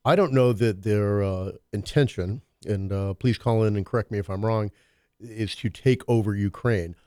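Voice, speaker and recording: A man's voice: lowish voice, normal speed, dark tone, smooth, no room sound, studio quality. A man hosting a talk radio show, musing on current events in a rambling, hesitant way full of fillers. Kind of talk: casual political talk.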